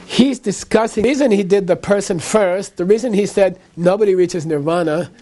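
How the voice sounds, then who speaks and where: A man's voice: sits high, moderate pace, warm tone. A man teaching a Buddhist class in a loose, conversational way, checking in with "okay?" as he goes. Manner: conversational, frequent "okay?" and "you know".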